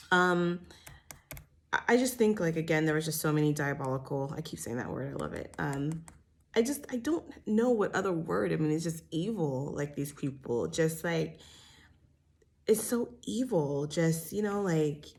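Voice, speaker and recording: A woman giving a chatty, blunt recap of a reality show, with lots of fillers and the odd swear word. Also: low-pitched. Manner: animated retelling with many fillers. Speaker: TV recap host. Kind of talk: casual gossip recap.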